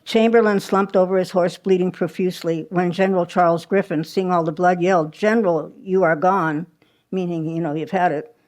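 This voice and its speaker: A woman's voice: lowish voice, fairly even intonation, brisk, darkish tone. A woman giving a live history talk at a small museum, telling the story conversationally with asides and small restarts. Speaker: history presenter.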